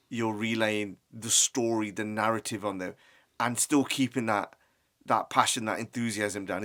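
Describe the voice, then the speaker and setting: A man's voice: lowish voice, fairly bright tone. A man from the West Midlands of England hosting a podcast interview, asking long, rambling questions with many restarts. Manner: rambling, hesitant multi-part questions. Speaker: podcast host. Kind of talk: casual interview.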